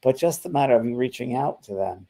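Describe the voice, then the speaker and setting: Older man, gravelly, mid-pitched, animated casual chat, acts out little dialogues. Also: quick pace. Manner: animated, acts out quoted exchanges in lively voices. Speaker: spiritual medium and co-host.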